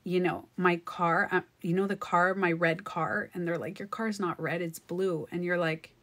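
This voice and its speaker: A woman hosting a casual livestream, talking in a chatty, animated way, often laughing and acting out what others said. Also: fairly low pitch, normal speed. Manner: chatty and animated, breaking into laughter and acted-out quotes. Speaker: livestream host.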